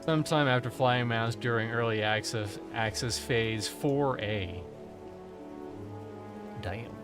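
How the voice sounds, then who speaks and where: A man's voice: medium pitch, slow pace, music in the background. A man streaming a video game, chatting casually and rambling with jokes and swearing. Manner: joking, profane, rambling. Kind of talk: casual gameplay commentary.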